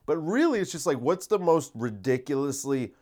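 A man hosting a casual solo podcast, talking in a rambling, energetic way and dropping into deadpan mock voices. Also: a little high, normal speed. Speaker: podcast host and comedian.

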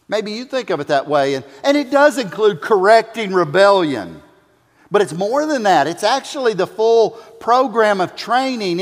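Male pastor, high pitch, storytelling sermon, fervent build, big reverberant sanctuary. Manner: builds to fervent repeated exhortation. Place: church sanctuary. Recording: long hall reverb.

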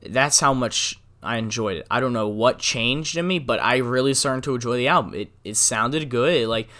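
Rambling young podcast host, smooth voice. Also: male voice, medium pitch, moderate pace, pushed and bright. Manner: rambling, casual, many fillers and restarts. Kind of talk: solo podcast monologue.

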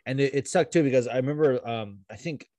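A man co-hosting a podcast, speaking at a mid pitch. His delivery is loose and chatty. The recording is dry and close. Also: fast, dark tone, no echo. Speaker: podcast co-host. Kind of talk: casual chat.

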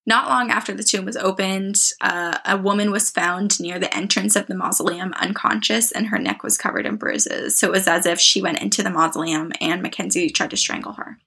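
A woman's voice: mid-range voice, fairly quick, vocal fry, few pauses, husky. A young woman co-hosting a podcast, casually telling a ghost story with lots of "like" fillers. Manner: animated storyteller, many "like" fillers. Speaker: podcast co-host.

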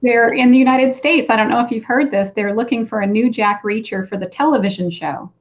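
A woman hosting a casual interview, chatty and giving quick back-channel responses. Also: a little high. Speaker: host. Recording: dull, muffled sound.

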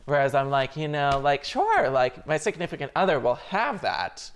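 A man's voice: on the high side, huge pitch swings, moderate pace. A man in casual podcast chat, talking earnestly and filling his sentences with "like". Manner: earnest, filler-heavy with many "like"s.

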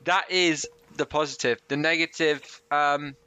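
A man co-hosting a casual wrestling chat, relaxed and quick to laugh. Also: a little high, smooth. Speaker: wrestling podcast co-host.

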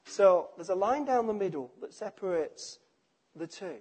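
A man. He stresses points with repetition and lets sentences trail off softly. His delivery is emphatic and direct. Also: high-pitched, lively intonation, moderate pace, breathy edge. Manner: emphatic, repeats phrases, drops to quiet endings. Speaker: preacher. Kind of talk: sermon.

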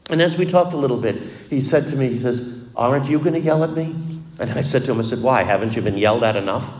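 A middle-aged man preaching a homily as a priest, at an ordinary mid-range pitch. He tells his story in an earnest, conversational way. His voice carries a long, roomy reverb, as if he were recorded in a large hall. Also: quick pace, darkish tone. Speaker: Catholic priest.

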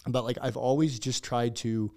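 A man's voice: mid-range voice, steady tone, moderate pace, darkish tone. A man who is a gym owner, speaking as a podcast guest, earnest and reflective in casual chat.

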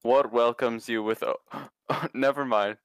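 A man's voice: mid-range voice, fairly even intonation, measured pace, smooth, no room sound. Playful man telling silly riddles. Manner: playful, laughs at his own jokes. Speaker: podcast co-host. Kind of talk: casual chat, joking riddles.

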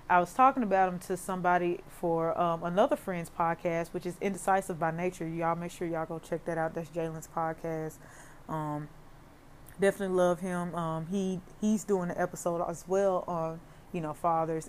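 A young woman who works as a therapist, talking casually and heartfelt on her podcast, with many "you know" fillers. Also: lowish voice. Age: young adult.

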